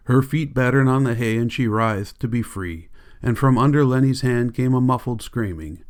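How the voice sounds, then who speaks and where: Man reading an audiobook, mid-pitched. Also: normal speed. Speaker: audiobook reader. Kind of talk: audiobook narration.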